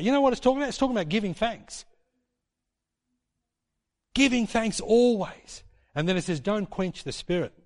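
Man, sermon, high voice, animated, mock voices for quotes, long hall reverb. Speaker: preacher.

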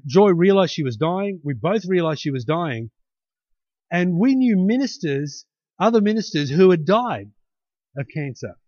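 A man's voice: sits high, a little mellow, no room sound. A pastor preaching a sermon in a conversational way, often tagging his points with "hey?" and restarting his sentences. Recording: dull lo-fi, dry.

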